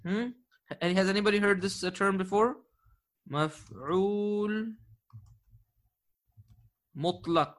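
A man teaching an Arabic grammar class, patiently quizzing his students, praising their answers and slowing down to spell out key terms. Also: sits high, fairly bright tone. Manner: slows down to dictate key terms.

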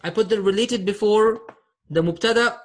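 A man with a high voice teaches an online grammar class. He speaks patiently, repeats key terms and often checks that his students follow. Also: normal speed.

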